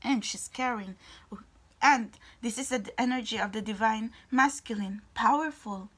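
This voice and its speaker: A woman giving a tarot reading to her viewers, excitable and exclamatory, sometimes dropping to a whisper. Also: a little high, measured pace, husky. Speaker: tarot reader.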